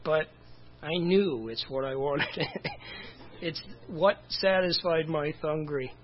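A man's voice: a little high, takes it slowly, highs cut off. A man preaching a casual, conversational sermon as pastor, with chuckles and asides.

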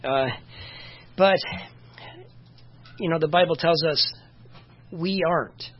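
A Bible teacher talks through scripture in a loose, conversational way, often leaning on "you know" and stopping to find the right verse. The voice is husky and a little breathy. It comes through a dull, lo-fi recording. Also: mid-range voice, takes it slowly. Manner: informal, many "you know" fillers, stops to check verses.

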